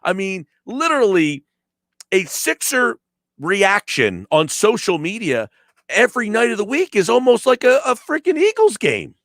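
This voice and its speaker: A man's voice: high voice, huge pitch swings, unhurried, fairly bright tone, no room sound, studio quality. A man hosting sports talk radio, ranting emphatically and sarcastically and mocking callers' complaints. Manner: emphatic, sarcastic, rants with mock quotes. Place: radio studio. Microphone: studio microphone.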